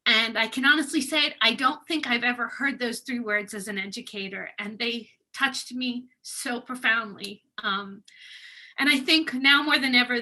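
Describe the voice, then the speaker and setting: A bright, vivid woman's voice, a little higher than most, in a heartfelt acceptance speech. She is choked up, pausing now and then with soft laughs as she thanks teachers and students. The tone stays warm and sincere throughout. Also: low-quality recording. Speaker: educator receiving an award.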